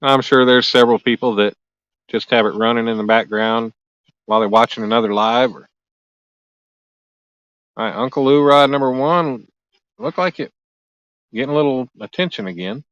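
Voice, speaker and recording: A man chats through a live stream from a lakeside at night, joking and answering viewer comments as they come in. His voice sits in a middling register, relaxed and casual. The sound is dry and close, with no room echo. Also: mid-range voice, moderate pace, pauses often, muffled recording. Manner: chatty, reads and answers viewer comments aloud; joking, easygoing. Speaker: livestream host. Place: outdoors at a lake at night.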